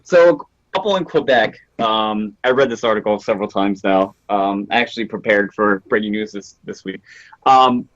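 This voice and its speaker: A man's voice: fairly low pitch, moderate pace, fairly bright tone. A man co-hosting a casual paranormal podcast over a remote call, reading out news and viewer comments in a dry, exasperated way. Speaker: podcast co-host. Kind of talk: casual live-stream chat. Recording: muffled remote connection.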